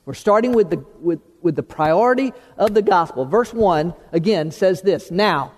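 Emphatic high-voiced preacher in a reverberant hall. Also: male voice, lively intonation, darkish tone. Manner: emphatic, repeats and restarts words, slows for key terms. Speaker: pastor. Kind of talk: sermon with opening prayer. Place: church sanctuary.

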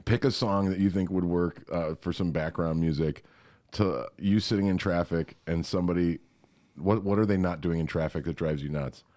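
Deep-voiced man, coaxing. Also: normal speed, a little mellow, no echo. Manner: soothing, coaxing, laughs often. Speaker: podcast co-host. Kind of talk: casual improv comedy chat.

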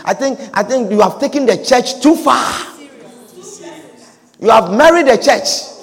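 A preacher acts out a high-voiced, indignant male disciple who scolds his teacher in a lively, swooping voice. The scolding rings out through a long echoing hall. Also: a little slow, vocal fry, exaggerated voice. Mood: pleading. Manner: pleading then indignant rebuke.

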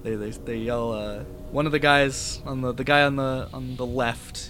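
Man, game master, tabletop game, easygoing, filler-heavy, mid-pitched, faint hiss. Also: fairly even intonation, moderate pace, hardly any pauses, fairly bright tone. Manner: easygoing, loose with many fillers.

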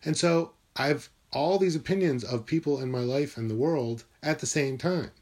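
A man's voice: a little high, normal speed, a little mellow. Meandering man musing alone. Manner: musing, meandering, swears freely. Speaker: vlogger. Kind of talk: rambling solo monologue. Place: his own room.

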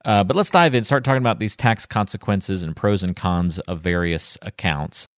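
A man's voice: low-pitched, normal speed, no room sound, studio quality. Upbeat chatty male podcast host. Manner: upbeat, chatty, laughs easily. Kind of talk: casual podcast chat.

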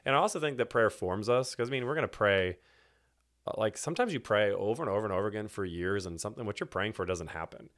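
A man's voice: fairly low pitch, animated, fast talker, a bit bright. A young man from Texas, a church elder candidate, talking about faith in a rambling, casual way with many restarts. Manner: rambling, many restarts and fillers, laughs often. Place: indoor room with host.

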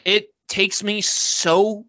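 Man, podcast co-host: bright, slightly high voice, opinionated rants, dry muffled mic. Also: dry recording. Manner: animated, opinionated, talks fast with many fillers. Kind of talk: casual film-discussion chat.

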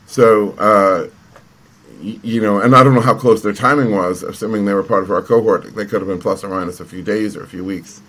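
A man's voice: lowish voice, fairly bright tone. A man telling a long story in conversation, rambling with frequent restarts and fillers. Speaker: entrepreneur guest.

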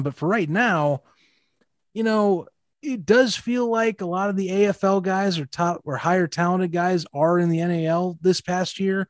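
A man's voice: a little high, dry recording, clean studio sound. A man co-hosting a casual sports podcast, talking hesitantly with lots of restarts. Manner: hesitant, many restarts and fillers. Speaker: podcast co-host.

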